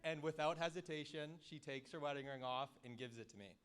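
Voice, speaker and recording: A man's voice: a little high, brisk, fairly bright tone, clear, resonant tone. A young man telling a joking story as a friend's wedding speech into a handheld microphone at a reception. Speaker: wedding speaker, groom's friend.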